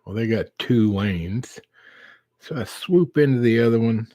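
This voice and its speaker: A middle-aged man hosting a live stream, telling a casual story slowly and acting out the dialogue. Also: mid-range voice, dark tone, no echo. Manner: slow, drawn-out storyteller who acts out quoted dialogue.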